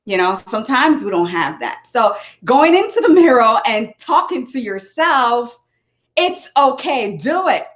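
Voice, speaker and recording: Speaking a little slowly in a fairly high, sing-song voice, a woman who writes and gives motivational talks delivers an earnest, casual message. She keeps circling back to the same points, frequently starts sentences over, and occasionally searches for the right word.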